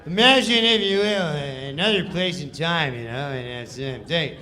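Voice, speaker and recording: A man's voice: on the high side, normal speed, sharp tone. A man impersonating a laid-back male comedian who drawls and mumbles through his lines with fillers. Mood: drawling.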